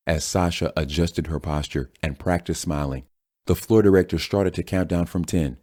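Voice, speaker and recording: A man narrating a horror audiobook in a steady storytelling manner. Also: a bass voice, no room sound, studio quality. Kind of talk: scripted narration.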